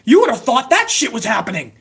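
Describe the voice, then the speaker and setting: A man's voice: extremely high pitch, huge pitch swings, quick pace, a bit bright, breathy edge. Male host, profane ranting recap, sarcastic and heated. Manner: heated, sarcastic, heavy swearing. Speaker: wrestling show host.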